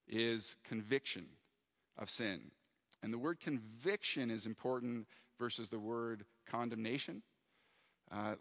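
A man delivers a sermon as a pastor, earnest and reflective. His voice sits at an ordinary middle pitch. A long hall reverb trails behind every phrase. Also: fairly bright tone. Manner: earnest and reflective, acting out prayers and dialogue.

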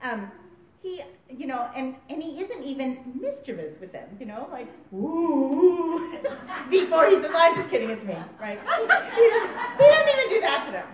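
Animated woman preaching in a roomy hall. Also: high voice, moderate pace. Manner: animated, laughing, acting out quotes. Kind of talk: sermon. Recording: roomy, distant, dull recording.

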